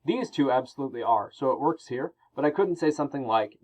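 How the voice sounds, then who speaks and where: A man's voice: mid-range voice, animated, darkish tone, poor audio. Man teaching a grammar lesson. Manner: explanatory, reads example sentences aloud with pauses. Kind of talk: recorded classroom grammar lesson.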